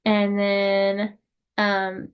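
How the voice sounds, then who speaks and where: A woman's voice: medium pitch, monotone, drawn-out words, clear, resonant tone, muffled recording. A young woman leading a team meeting on a video call, giving an upbeat, emotional pep talk full of fillers. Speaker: sales unit leader.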